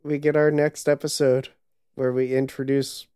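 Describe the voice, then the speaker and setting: A man co-hosting a casual podcast chat, explaining things in a relaxed, amused, drawn-out way. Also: mid-range voice, smooth, no room sound, clean studio sound. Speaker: podcast co-host. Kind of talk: casual chat about anime.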